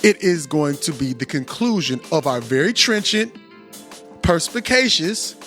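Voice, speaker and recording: High-voiced bright man, rambling host. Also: a little slow, soft background music. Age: 40s. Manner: rambling, profane, animated storytelling. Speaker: podcast host. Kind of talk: casual podcast monologue. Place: home recording studio.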